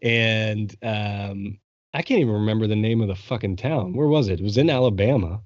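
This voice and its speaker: A young man hosting a podcast, telling a long story in an excited, casual way and swearing freely. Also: lowish voice, moderate pace, no echo, highs cut off. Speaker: podcast host. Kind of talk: casual chat.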